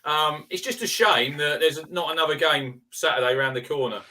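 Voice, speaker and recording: A man co-hosting a casual live fan chat, speaking earnestly and in measured terms, often restarting his sentences. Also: fairly high pitch, bright, forceful tone, distant mic. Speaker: fan show co-host.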